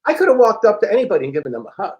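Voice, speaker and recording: Middle-aged guy with a high voice, swearing a lot, acting out the other people in his story. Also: racing, highs cut off. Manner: animated, frank and profane, acts out dialogue. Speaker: interview guest, personal growth teacher. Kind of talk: casual storytelling.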